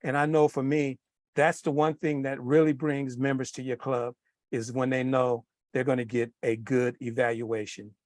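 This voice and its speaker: A man on a video call chairing a club meeting, introducing speakers in a brisk, upbeat way. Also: medium pitch, little pitch movement, a little mellow, no room sound.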